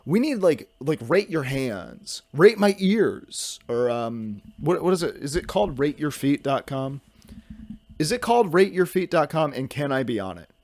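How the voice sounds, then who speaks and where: A young man rambles through a solo podcast in a goofy, self-mocking way, hopping from one topic to the next. His pitch swings widely as he talks. The sound is dry and close, with no room around it. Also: sing-song, unhurried, darkish tone, no room sound. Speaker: podcast host.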